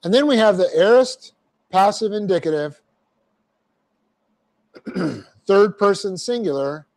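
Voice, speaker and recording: A man's voice: fairly high pitch, measured pace, pauses often, a little mellow. A man teaching a verse-by-verse Bible class, explaining Greek grammar step by step with folksy asides. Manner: folksy asides, repeats phrases for emphasis.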